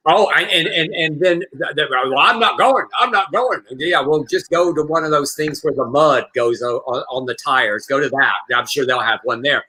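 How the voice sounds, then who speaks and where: A man's voice: fairly high pitch, moderate pace, few pauses, sharp tone, husky, rough recording. A man from Texas, co-hosting a casual chat, heated and profane with lots of stammered restarts. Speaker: co-host.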